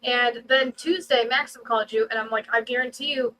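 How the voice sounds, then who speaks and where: A woman's voice: a little high, steady tone, brisk, noisy background. A woman from Ohio chatting casually on a livestream, chiming in and quoting what other people said. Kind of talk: casual chat.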